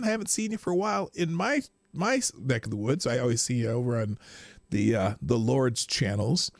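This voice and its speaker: A man's voice: mid-range voice, animated, moderate pace, gravelly, dry recording, studio quality. Chatty man hosting a live stream. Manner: rambling, chatty, greets viewers by name. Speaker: livestream host. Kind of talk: casual live-stream chat.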